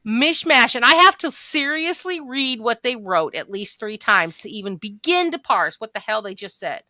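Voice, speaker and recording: A woman's voice: on the high side, expressive, moderate pace, sharp tone, no room sound. A woman co-hosting a podcast, chatting frankly and matter-of-factly. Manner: frank, blunt, matter-of-fact. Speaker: podcast co-host. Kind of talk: casual chat about roleplay.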